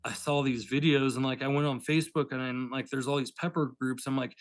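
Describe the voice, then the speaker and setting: A man's voice: medium pitch, fairly even intonation, brisk, hardly any pauses, no room sound. Guy on a garden podcast rambling on, tons of "like"s, acts out convos, super dry sound. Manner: rambling, filler-heavy, retells with quoted dialogue. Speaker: guest, pepper farmer. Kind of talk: casual podcast chat.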